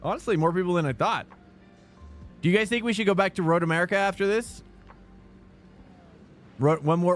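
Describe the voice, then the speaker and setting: Sim racing streamer, male, slightly high pitch, loose rambling chat, music bed behind. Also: a little fast, long pauses. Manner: rambling, chatty, talks to chat. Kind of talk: casual live-stream chat. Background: background music.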